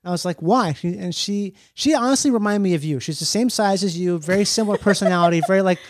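A man with a notably high speaking voice, chatting as a comedian guest on a podcast. He rambles through jokey stories in a loose, playful way. The sound is dry and close. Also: fast, dry recording. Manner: joking, rambling storyteller. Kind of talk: casual chat.

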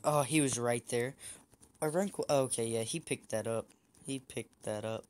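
A man's voice: medium pitch, normal speed, slight background noise. A young man giving casual, chatty commentary while playing a shooter game, teasing the other players. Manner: chatty, teasing opponents, frequent restarts. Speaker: gameplay streamer.

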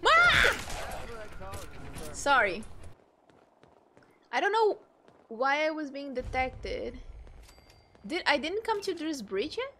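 A young woman commenting on her gameplay, excitable and quick to exclaim and burst out laughing. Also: high voice. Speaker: streamer playing a video game.

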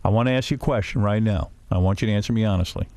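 A man's voice: fairly low pitch, racing, darkish tone, no echo. A man hosting a radio talk show, needling a guest with teasing questions.

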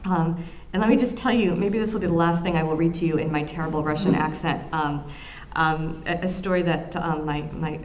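A woman historian giving a public lecture, telling anecdotes in an animated way with frequent ums and restarts. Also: low voice, fairly quick, few pauses, slight background noise.

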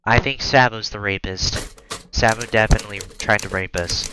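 A man giving crude, profane let's-play commentary on a horror game, joking and yelling when scared. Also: on the low side, moderate pace, heavy background noise. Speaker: gamer playing a horror game.

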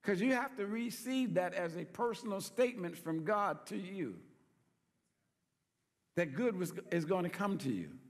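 A man's voice: sits high, big pitch swings, a little slow, long reverb tail. A man preaching as a pastor, folksy and playful, asking the congregation call-and-response questions. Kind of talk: sermon.

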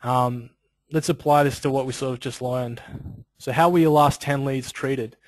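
A man talking through a business webinar in an easygoing, chatty style, often slipping in little filler asides. His voice sits at an ordinary middle pitch. The sound is dry and close, with no room around it. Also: steady tone, normal speed, no echo, low-quality recording. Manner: conversational, loose, peppered with "you know" and "like". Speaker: webinar presenter. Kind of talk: casual instructional webinar talk.

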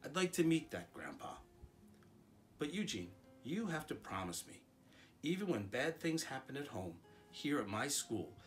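A man reading aloud, voicing a gentle, wise school principal who speaks quietly and kindly. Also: mid-range voice, natural voice. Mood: encouraging. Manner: quiet, gentle and warm-hearted.

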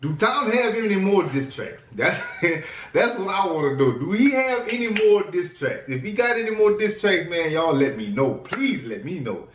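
A man hosting a casual reaction vlog, excitedly hyping things up with lots of repetition and laughter. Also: high voice, moderate pace, a little hiss or hum. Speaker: host reacting to music. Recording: echoey room, distant mic.

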